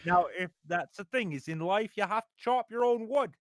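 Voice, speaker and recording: A man's voice: high voice, moderate pace, fairly bright tone, no echo, studio quality. A man putting on the voice of a stern, pedantic middle-aged lecturer who moralizes with folksy maxims. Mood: lecturing. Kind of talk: comedic impression on a live stream.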